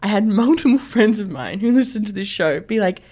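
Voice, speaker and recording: Giggly woman with lively pitch. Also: a little fast. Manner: giggly, frank, playful. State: heavily pregnant. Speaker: podcast co-host. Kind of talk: casual chat.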